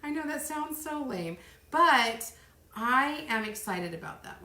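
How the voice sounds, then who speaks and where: A middle-aged woman hosting a live crafting stream, chatting in a rambling way and counting softly under her breath as she works. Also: sits high, animated, unhurried. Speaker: craft livestream host. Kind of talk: casual live chat while crafting. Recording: roomy echo.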